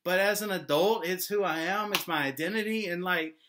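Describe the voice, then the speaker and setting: A man's voice: high voice, a little fast, background noise. A young man talking casually to the camera, joking and rambling with lots of "like" and "y'all". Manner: rambling, joking, heavy use of "like". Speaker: vlogger. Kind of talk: casual monologue.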